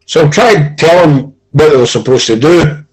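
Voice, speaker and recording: Lively Scottish man telling football stories. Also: fairly high pitch, normal speed, low-quality recording. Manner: animated storyteller, acts out quoted arguments, swears. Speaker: football pundit, former coach. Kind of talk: casual football chat.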